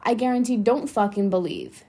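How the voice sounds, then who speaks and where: A woman's voice: medium pitch, moderate pace, mellow, breathy edge. A young adult woman hosting a motivational solo podcast, talking bluntly and swearing freely for emphasis. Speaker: podcast host.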